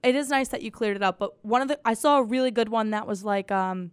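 Young woman podcast host, kinda high voice, super sarcastic, swears a lot, dry close mic. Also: brisk, few pauses, clear, resonant tone, no room sound. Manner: sarcastic, swears freely, mock-quotes others in put-on voices. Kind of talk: casual comedic chat.

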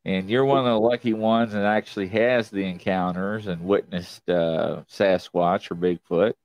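Deep-voiced man hosting a podcast. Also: fairly even intonation, moderate pace, a little mellow, dry recording. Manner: eagerly agreeing, says "absolutely". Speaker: podcast host. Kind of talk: casual interview chat.

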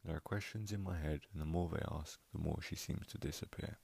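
A man voicing an anxious little girl in a storybook, pleading softly and earnestly, over loud background music. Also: rumbling low, fairly quick, vocal fry, husky, full character voice. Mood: sad.

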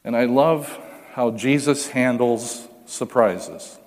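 A pastor preaching a sermon, telling stories with humor and acting out the voices of the people in them. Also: male voice, medium pitch, slow pace, big-room sound. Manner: animated storytelling, acts out voices with humor.

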